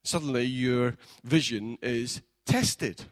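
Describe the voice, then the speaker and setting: A man, a pastor preaching a sermon in a church, building from plain storytelling up to fervent shouting. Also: medium pitch, slow pace, no echo.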